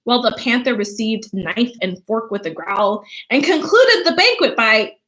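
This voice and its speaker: Storybook girl, reciting a poem, sing-song, woman reading it, lively pitch, bright. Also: moderate pace, rough recording.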